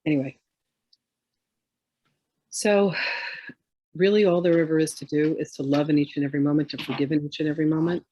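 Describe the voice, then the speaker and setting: A woman's voice: sits low, fairly even intonation, brisk, pauses often, mellow, slight background noise. Chatty woman telling rambling stories. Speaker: spiritual teacher. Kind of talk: casual chat.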